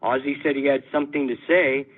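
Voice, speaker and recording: A man's voice: medium pitch, fairly even intonation, a little fast. A man, a musician, telling a story in a casual, amused way in an interview. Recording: tinny phone-like audio.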